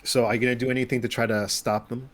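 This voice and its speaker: A man's voice: mid-range voice, little pitch movement, fast, fairly bright tone. A man running a tabletop game as game master, loose and rambling with many restarts.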